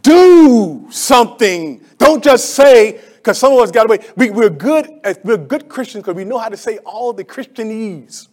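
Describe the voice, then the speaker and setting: A male pastor preaching a sermon, swinging between loud emphatic calls and low asides, and calling on the congregation to answer him. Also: expressive, fairly quick, hardly any pauses.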